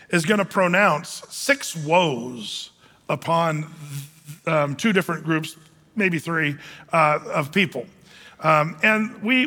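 A man's voice: a little high, sharp tone, big-room sound. A man who is a pastor, preaching a verse-by-verse sermon in a conversational, joking way with many fillers.

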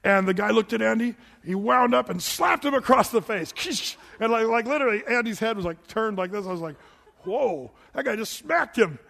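A man's voice: high-pitched, fairly quick, gravelly, few pauses, sharp tone. A man preaching a sermon in a chatty, folksy storytelling manner, often laughing, recorded in a large hall. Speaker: pastor. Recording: long hall reverb.

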